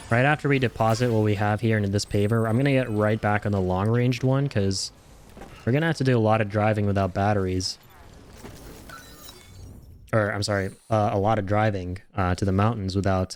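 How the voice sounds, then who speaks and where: A man streams a video game and chats casually as he plays. He jokes around and swears off-handedly. His voice is on the low side, with faint noise behind it. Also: a little mellow. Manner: playful, jokey, swears casually. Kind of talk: casual gameplay commentary.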